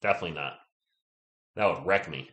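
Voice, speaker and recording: A man's voice: a bass voice, fairly quick, reverberant, dull audio. A young man with a sore throat doing casual live play-by-play commentary and chatting with viewers, keeping his voice down. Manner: chatty, answers viewers, holds back from yelling. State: sore throat, sounds sick. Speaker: live stream play-by-play host.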